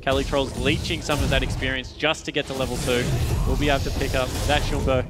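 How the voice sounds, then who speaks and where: A man with an Australian accent, commentating a video game match on a headset and calmly explaining the mechanics in detail. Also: mid-range voice, quick pace, over loud music. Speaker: esports caster. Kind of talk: play-by-play commentary.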